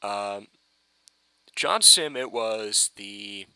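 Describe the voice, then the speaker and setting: Man, rambling excitable fan rant, gravelly edge, lively up-and-down delivery. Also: fairly low pitch, very slow, dry recording, low-quality recording. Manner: excitable, rambling, swears, frequent restarts. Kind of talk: casual fan review rant.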